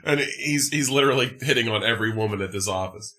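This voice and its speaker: Bright, animated man ranting. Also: medium pitch, very fast, hardly any pauses. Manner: animated, profane, exasperated ranting. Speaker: podcast host. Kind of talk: casual movie chat.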